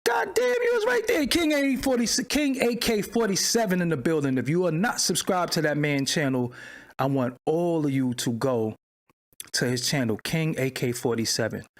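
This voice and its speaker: A man hosting a livestream in casual talk, loud and animated, swinging between excited exclaiming and low muttering. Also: normal speed. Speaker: livestream host. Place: home studio at his screen.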